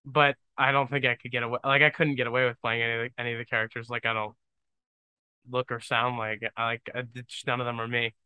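A young man hosting his own podcast, thinking out loud in a rambling, self-deprecating and joking way. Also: medium pitch, little pitch movement, fast, clean tone, no echo. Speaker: podcast host. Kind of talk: casual solo podcast monologue.

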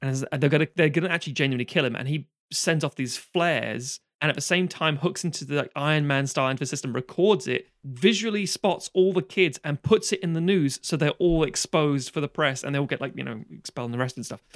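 Sweary man, slightly high voice. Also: quick pace, few pauses, no echo, studio quality. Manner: animated, sweary, acts out characters' lines. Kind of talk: casual chat retelling a film plot.

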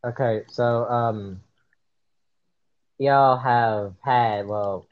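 A man's voice: mid-range voice, steady tone, very slow, phone-quality sound. Mumbling teen boy on voice chat. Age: teens. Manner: mumbling, hesitant, trails off. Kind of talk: casual gaming chat.

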